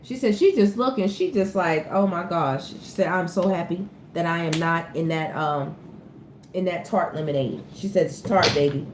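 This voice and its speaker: A woman's voice: lowish voice, normal speed. A woman giving a casual tarot reading, chatting straight to her viewers and laughing often as she talks. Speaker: tarot reader. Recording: echoey room with faint ambient noise.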